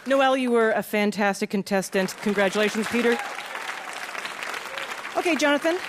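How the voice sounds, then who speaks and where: A woman's voice: on the high side, moderate pace, a crowd in the background. Female quiz host, teasing and upbeat, live audience and noise behind her. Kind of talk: live public radio quiz hosting.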